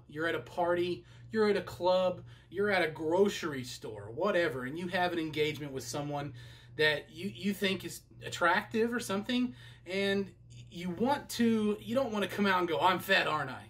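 A man's voice: high voice, moderate pace, a bit bright. A young man talking in a casual how-to vlog, candid and poking fun at himself. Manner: candid, self-deprecating, conversational. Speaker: vlogger.

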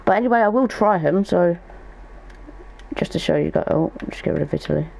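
A man's voice: high voice, fairly quick, vocal fry, a little mellow, low-quality recording. A young man giving casual gaming commentary as a YouTuber, thinking aloud as he goes. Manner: chatty, thinks aloud while opening packs.

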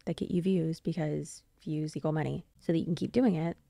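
A young adult woman hosting a commentary vlog, answering criticism in a measured, pointed way. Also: deep voice, fairly even intonation, creaky, warm tone, no echo. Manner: measured, pointed rebuttal with occasional dry laughs. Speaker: YouTube commentary host.

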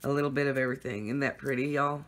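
A woman's voice: rumbling low, steady tone, rapid-fire. A woman chatting casually and giggling as she unboxes gifts for her viewers at home. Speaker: craft vlogger.

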